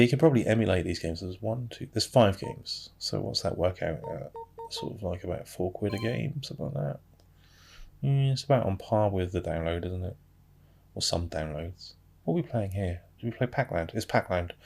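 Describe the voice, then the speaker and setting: A man's voice: on the low side, creaky. A British man giving casual, wry commentary while playing and reviewing an old video game, grumbling about the controls with dry asides.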